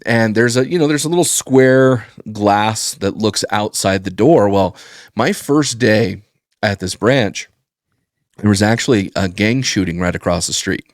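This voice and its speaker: A man telling a rambling, profane story in casual podcast chat, getting animated when he quotes people. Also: on the low side, a little slow, no echo, clean studio sound. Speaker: podcast guest.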